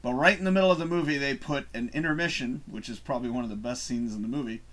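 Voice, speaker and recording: A man's voice: medium pitch, fast, fairly bright tone. A man hosting a live stream show, chatting casually while drinking, rambling and chuckling as he reads viewer comments aloud.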